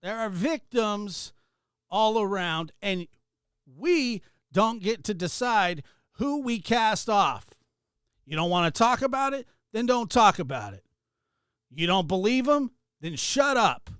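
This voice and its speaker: A man's voice: high voice, big pitch swings, takes it slowly, a bit bright, clean tone, no room sound, studio quality. A man hosting a livestream, ranting heatedly and sarcastically while greeting viewers in chat. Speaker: livestream host. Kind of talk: ranting livestream talk with chat shout-outs.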